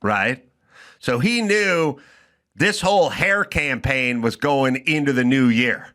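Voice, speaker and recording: Bright, animated man ranting. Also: mid-range voice, slow. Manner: profane, animated storytelling, acts out dialogue. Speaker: podcast host. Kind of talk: casual comedic rant.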